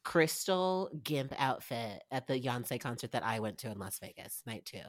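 A woman co-hosting a podcast in casual chat, blunt and profane, her sentences often trailing off quietly. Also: rumbling low, sing-song, normal speed. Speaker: podcast co-host.

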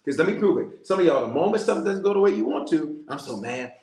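A man's voice: high-pitched, rapid-fire. Storytelling preacher man, echoey room. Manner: storytelling, animated, calls out to listeners. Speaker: bishop. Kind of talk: sermon-style prayer message.

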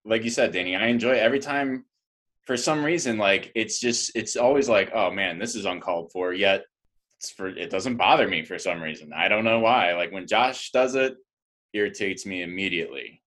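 Man, lowish voice, easygoing, hesitant fillers, casual podcast talk. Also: expressive, normal speed, a bit bright. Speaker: podcast co-host. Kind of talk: casual reality TV recap chat.

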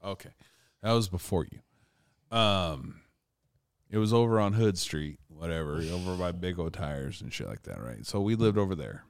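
A man's voice: low voice, lively intonation, moderate pace, gravelly, clean tone, dry recording, clean studio sound. A man co-hosting a casual podcast, telling a long rambling story full of swearing. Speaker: podcast co-host.

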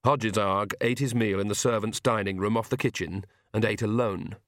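A man's voice: fairly low pitch, moderate pace, fairly bright tone, no room sound. Man reading an audiobook, dry sound. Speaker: audiobook narrator. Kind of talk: scripted narration.

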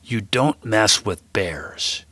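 A man voicing a stern old grandfather who lectures slowly and gravely in a storybook reading. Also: on the low side, lively intonation, bright, forceful tone, no room sound, exaggerated voice. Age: older. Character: stern old grandfather warning about bears.

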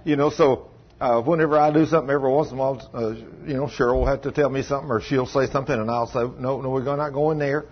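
A man's voice: mid-range voice, fairly even intonation, racing, slight background noise. A man preaching an informal sermon to his congregation, in a folksy, rambling way. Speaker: pastor. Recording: dull lo-fi sermon recording.

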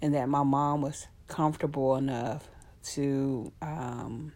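A middle-aged woman telling a personal story in a heartfelt, emotional way, pausing often with fillers and addressing her listeners as y'all. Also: rumbling low, steady tone, a little mellow.

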